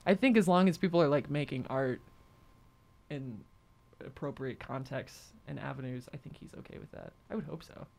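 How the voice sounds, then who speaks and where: A woman's voice: rumbling low, animated, moderate pace, gravelly, darkish tone, slight background noise. A young woman co-hosting a podcast, talking casually, with lots of fillers and frequent laughs. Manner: chatty, laughs often, many "like" fillers. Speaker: podcast co-host. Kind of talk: casual chat.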